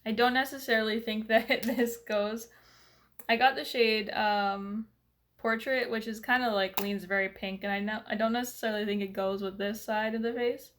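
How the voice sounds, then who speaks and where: Woman, casual makeup review, rambling, filler-heavy, slightly high-pitched. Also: fairly even intonation, moderate pace, fairly bright tone. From Canada. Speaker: beauty vlogger.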